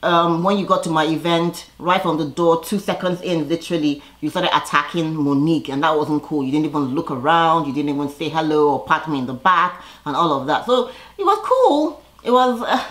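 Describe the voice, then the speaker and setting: A woman's voice: deep voice, fairly even intonation, brisk, hardly any pauses, fairly bright tone. A woman vlogger giving a casual, opinionated recap commentary, chatty and full of fillers.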